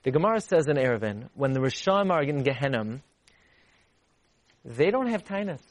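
A man giving a Torah class, animated and repeating lines for emphasis. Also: normal speed, no echo. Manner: animated, repeats for emphasis, rises high to act out voices. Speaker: Torah teacher.

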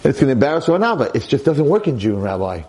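A man's voice: mid-range voice, sing-song, quick pace, darkish tone, lightly acted. A man voicing his worried secretary reporting an urgent problem.

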